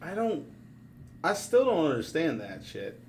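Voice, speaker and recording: A man's voice: on the high side, huge pitch swings, unhurried, slight background noise. A man at a hobby workbench, thinking aloud and swearing freely as he questions how a circuit works. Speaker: hobbyist learning electronics. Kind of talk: casual chat. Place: hackerspace workshop.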